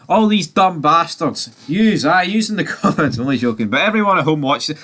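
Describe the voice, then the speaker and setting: A man's voice: brisk, hardly any pauses. A man giving a casual spoken recap of a TV season, ranting animatedly and swearing a lot. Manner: animated, sweary ranting with sudden jumps in pitch. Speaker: TV review host.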